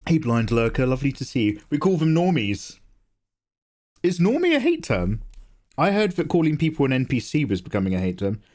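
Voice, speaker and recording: A man's voice: medium pitch, huge pitch swings, a little fast, darkish tone. A young man hosting a live drawing stream, chatting casually, joking, swearing and answering chat as he draws. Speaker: livestream host, artist.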